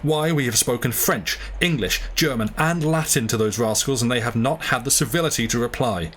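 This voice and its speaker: A man's voice: medium pitch, fairly quick, fairly bright tone, a little hiss or hum, natural voice. A man voicing an indignant, blustering harpooner in a read-aloud novel. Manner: indignant, complaining. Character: angry blustering male harpooner, sailor.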